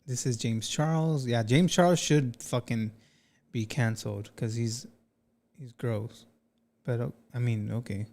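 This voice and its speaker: Man, commentary host, casual reaction talk, animated, slangy. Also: medium pitch, unhurried. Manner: animated, talks to chat, says "bro" often.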